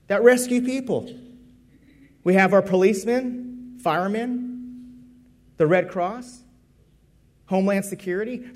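A man from the United States preaching a sermon, telling a story in a conversational, lively way. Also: sits high.

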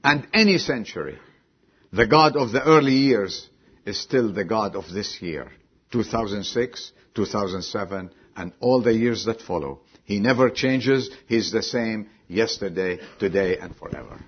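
A man preaching a sermon, dropping low and quiet, then bursting out loud and high, and asking the congregation direct questions. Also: measured pace, slightly rough, muffled recording. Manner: swings from low quiet lines to sudden loud high exclamations. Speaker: pastor.

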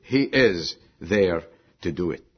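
A man preaching a sermon, dropping low and quiet, then bursting out loud and high, and asking the congregation direct questions. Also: animated, takes it slowly, breathy edge, highs cut off. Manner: swings from low quiet lines to sudden loud high exclamations. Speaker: pastor.

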